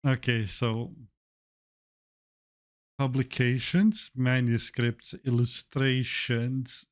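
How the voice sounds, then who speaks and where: A man's voice: mid-range voice, fairly even intonation, slow, pauses often, a little mellow. A young man streaming his reaction to a video, swearing often with blunt, incredulous asides. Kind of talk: casual reaction commentary.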